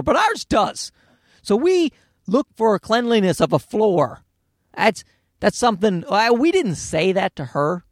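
Man, comedic monologue, profane, ranting, high voice, very lively pitch. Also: dry recording, clean studio sound. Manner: animated, profane, ranting asides. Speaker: parent telling a story.

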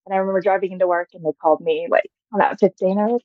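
A woman's voice: medium pitch, very fast, hardly any pauses, no echo, phone-quality sound. A woman in her thirties, a podcast guest, telling her personal story in a chatty, casual way, full of "like" fillers and frequent laughs. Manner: chatty, heavy use of "like" fillers, laughs often.

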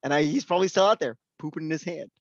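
A man, a physician, telling a story at an open mic in an animated way, acting out the dialogue. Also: a little high, rapid-fire, no echo. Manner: animated, acts out quoted dialogue. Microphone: video call. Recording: dull, dry virtual-call audio.

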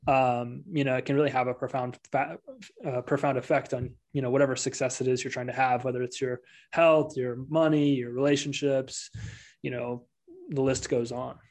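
A man hosting a podcast, asking questions in a relaxed, conversational way and chuckling often. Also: medium pitch, normal speed. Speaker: podcast host. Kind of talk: conversational interview.

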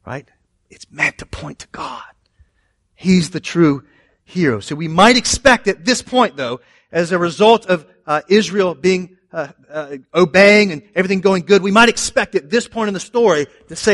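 Guy preaching a sermon, kinda high voice, dry close sound, gets loud then goes quiet. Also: moderate pace, dry recording. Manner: animated preaching, swings between loud emphasis and quiet asides. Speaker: pastor.

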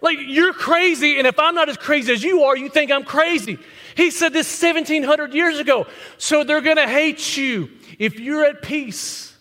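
A man's voice: extremely high pitch, moderate pace, pushed and bright. A man pastor preaching a blunt, conversational sermon to his congregation, tossing out rhetorical questions. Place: church sanctuary with congregation. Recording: long hall reverb.

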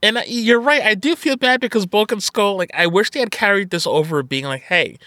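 A man's voice: high voice, brisk, bright, forceful tone, no echo, clean studio sound. A man co-hosting a podcast, chatting casually about a movie, swearing and laughing as he acts out lines. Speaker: podcast co-host. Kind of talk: casual chat, movie review.

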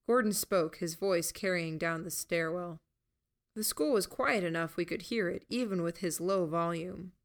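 A woman narrating a first-person audiobook in an unhurried, steady storytelling manner. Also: fairly low pitch.

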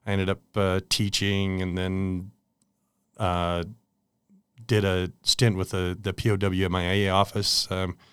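A man's voice: deep voice, flat delivery, a little slow, a bit bright, clear, resonant tone, dry recording. An American man in his forties, a guest in an interview, telling stories in a chatty way with laughs. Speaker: guest, product manager. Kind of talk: casual interview storytelling.

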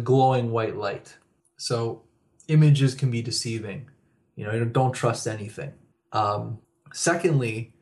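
A man's voice: mid-range voice, a little mellow. A man who is a guest author on a radio interview, telling personal stories and chuckling often.

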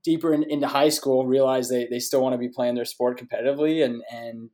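A man's voice: mid-range voice, steady tone, fast talker, mellow. Friendly Canadian-raised man guest. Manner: friendly, with many restarts and repeated words. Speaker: podcast guest. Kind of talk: casual interview talk.

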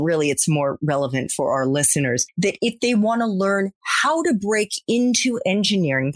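A woman's voice: sits low, dry recording, studio quality. An American woman in her forties hosting a podcast interview, chatty and upbeat. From Maryland, United States. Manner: chatty, upbeat, lively intonation. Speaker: podcast host.

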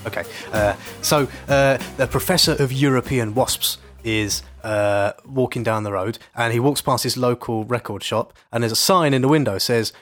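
Male co-host with a joking, playful delivery and medium pitch; music faintly underneath. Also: brisk, few pauses, a bit bright. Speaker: podcast co-host. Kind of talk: casual chat and joke telling.

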